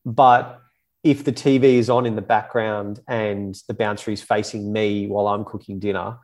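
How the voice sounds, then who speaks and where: A man's voice: on the low side, little pitch movement, moderate pace. A man in his thirties explaining child development in a casual, chatty, self-deprecating way. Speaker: child psychology expert guest. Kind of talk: casual podcast chat.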